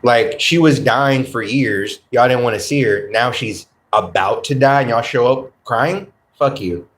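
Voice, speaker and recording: A man's voice: mid-range voice, measured pace, fairly bright tone. A man hosting a livestream, chatting casually with viewers in a blunt, profane, laid-back way. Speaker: livestream host. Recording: roomy echo.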